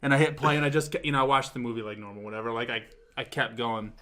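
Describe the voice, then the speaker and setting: A man co-hosting a casual talk show, telling a story in an excitable, animated way and swearing often. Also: mid-range voice, quick pace, a little hiss or hum. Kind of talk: casual chat.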